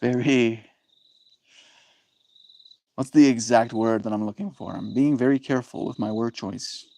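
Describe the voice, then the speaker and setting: Chill streamer dude rambling slow and playful, crickets going behind him. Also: male voice, medium pitch, creaky, warm tone. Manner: rambling, playful, lots of "right?". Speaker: livestreamer reading chat. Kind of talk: casual live-stream chat.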